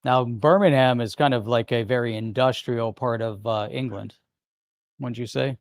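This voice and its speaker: A man's voice: medium pitch, steady tone, normal speed, no echo. Upbeat man co-hosting a live show. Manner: upbeat, laughing, bantering. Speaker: co-host. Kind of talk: casual livestream chat.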